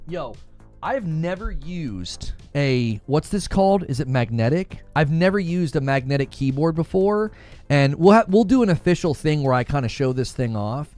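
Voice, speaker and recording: Animated man streaming gaming news. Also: on the high side, normal speed, no echo, faint music behind. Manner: animated, talks straight to chat. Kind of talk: casual live stream chat.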